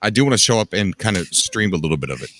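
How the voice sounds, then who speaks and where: A man's voice: low voice, very animated, very fast, noisy background. A man hosting a gaming stream, chatting casually and easygoing with callers, often saying "dude" and "man". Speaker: stream host. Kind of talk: casual chat.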